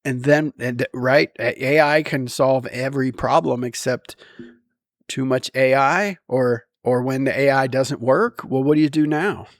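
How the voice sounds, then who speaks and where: A man's voice: mid-range voice, fairly even intonation, unhurried, no echo, clean studio sound. A man talking casually to camera in a rambling way, with many ums and restarts and frequent chuckles. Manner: chuckles often while talking. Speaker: vlogger.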